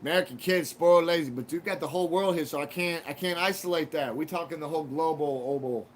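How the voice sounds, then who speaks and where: A man hosting a live stream in a loose, rambling monologue full of swearing and crude jokes. His voice sits a bit high for a man. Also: quick pace, slight background noise. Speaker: livestream host. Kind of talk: casual profane monologue.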